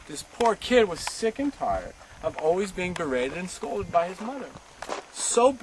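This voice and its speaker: A man's voice: high voice, slight background noise, poor audio. A man giving a passionate history talk outdoors, often asking his listeners rhetorical questions. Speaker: history teacher. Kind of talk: guided tour talk. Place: outdoors at a memorial site.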